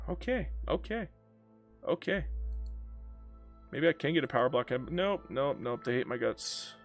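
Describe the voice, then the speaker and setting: Young male gamer, playful trash-talk, lively pitch, faint background music. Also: unhurried, long pauses. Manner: goofy, teasing, calls everyone bro. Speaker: strategy game player. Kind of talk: let's-play commentary talking to the game.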